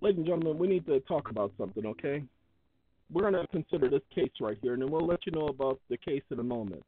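A man's voice: fairly high pitch, lively intonation, fast talker. A man hosting his own video, talking casually and emphatically as he reads out parts of a court ruling. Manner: emphatic, repetitive, preachy. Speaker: online video host. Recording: tinny phone-like sound.

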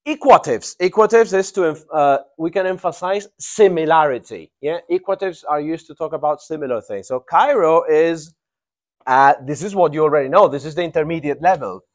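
Man teaching an English grammar class. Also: on the high side. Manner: drawn-out emphatic prompting of students.

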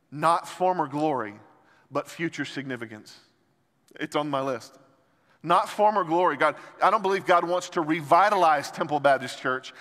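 A man preaching a sermon as pastor, impassioned, moving between soft and loud passages. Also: on the high side. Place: large church sanctuary. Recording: long hall reverb from church sanctuary.

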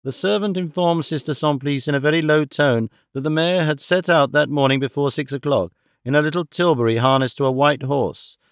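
A man narrating a classic novel as an audiobook in a measured, expressive reading. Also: a little high, clear, resonant tone, no room sound, studio quality. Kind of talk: scripted narration.

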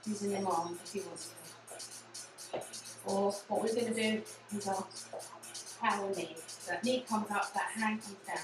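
A woman with an English accent leading a low impact cardio class, encouraging and repetitive in her cues, sometimes out of breath. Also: fairly even intonation, unhurried, long pauses. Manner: encouraging, repeats cues like "again" and "yeah". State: out of breath at times. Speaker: fitness instructor. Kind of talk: guided exercise class. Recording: echoey room, distant mic, music. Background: music playing.

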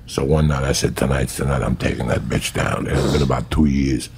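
A man's voice: very deep voice, fairly even intonation, a little fast, creaky, a little mellow, a little hiss or hum. A middle-aged man rambling through profane, raunchy comic stories as a guest storyteller.

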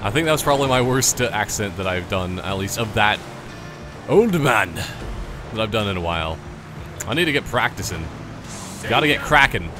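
Lively man rambling over gameplay. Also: lowish voice, moderate pace, long pauses, music in the background. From Canada. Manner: rambling, joking asides and tangents. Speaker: gameplay commentator. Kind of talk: casual let's-play commentary.

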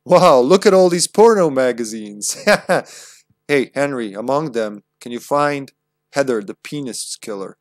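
A young man talks through a horror game on a live stream, loose and chatty, with frequent laughs and plenty of swearing. His voice sits at an everyday middle pitch. The sound is dry and close, with no room around it. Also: animated, a little slow, no echo. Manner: chatty, profane, laughs often. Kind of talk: casual live-stream gameplay commentary.

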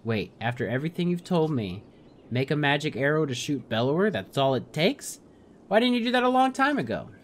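A man's voice: mid-range voice, animated, fairly quick, natural voice. A wry, skeptical archer hero from a fantasy game, played by a man. He asks disbelieving questions in a raised voice, and there is faint noise in the background. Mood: incredulous.

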